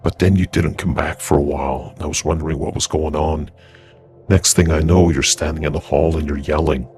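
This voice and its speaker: An urgent, startled friend, as a male storyteller puts him on, talks in a deep, gravelly voice pushed louder than the narration. The tone stays fairly flat. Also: brisk, a little hiss or hum.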